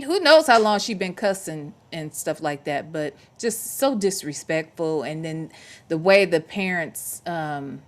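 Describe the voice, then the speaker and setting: A woman hosting a casual livestream commentary, sassy and emphatic, with slangy talk and playful repetition. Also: medium pitch. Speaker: show host.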